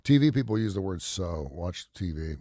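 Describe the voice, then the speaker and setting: A man's voice: low-pitched, moderate pace, no echo, clean studio sound. A man in his forties co-hosting a radio show, telling stories and joking in casual banter. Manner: animated, jokey storyteller.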